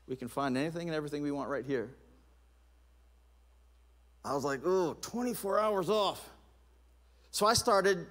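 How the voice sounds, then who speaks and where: A middle-aged man preaching a sermon, telling stories in an animated way, with laughs and restarts. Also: fairly high pitch. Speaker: pastor.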